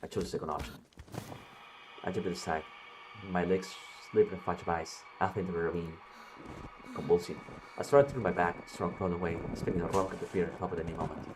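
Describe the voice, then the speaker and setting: A man's voice: deep voice, fairly even intonation, fairly quick, noisy background. A man streaming a game, reading its story text aloud and talking back to the characters with swearing and jokes. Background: game music.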